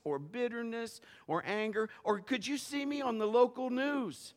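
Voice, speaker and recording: A middle-aged man preaching a sermon as a pastor, telling a story and swinging from low murmurs to loud outbursts. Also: normal speed, hardly any pauses.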